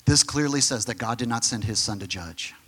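A man's voice: mid-range voice, a little fast, slightly rough. Emphatic preaching man. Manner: emphatic preaching, drops to a soft near-whisper on key phrases; direct, conversational asides to the congregation. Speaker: pastor. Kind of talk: sermon.

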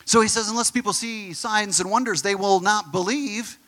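A man's voice: high voice, normal speed, bright, forceful tone. A middle-aged man preaching a sermon, explaining scripture in an emphatic, conversational way. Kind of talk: sermon teaching.

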